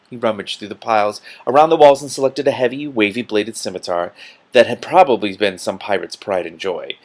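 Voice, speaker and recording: A man with a lowish voice reads a novel aloud, narrating steadily, with the odd stumble and self-correction. He breaks in now and then with short, offhand asides of his own. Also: brisk. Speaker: book reader. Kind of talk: reading a novel aloud with commentary.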